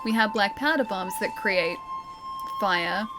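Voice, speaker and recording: A woman's voice: mid-range voice, animated, takes it slowly, music in the background. A young woman streaming a game, chatting casually and giggling as she thinks aloud. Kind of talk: casual gameplay commentary.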